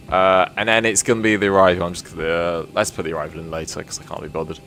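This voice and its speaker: A man's voice: low-pitched, fairly even intonation, fast talker, a bit bright, a little hiss or hum. A British man chatting casually to viewers during a flight sim live stream, rambling and self-deprecating as he works.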